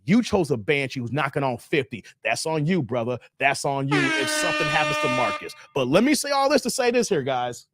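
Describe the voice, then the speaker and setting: A man's voice: mid-range voice, very animated, a little fast, few pauses, a bit bright. A man hosting an opinionated live-stream commentary. He is blunt and preachy and hammers the same points again and again. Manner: blunt, preachy, repeats himself. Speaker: YouTube commentary host.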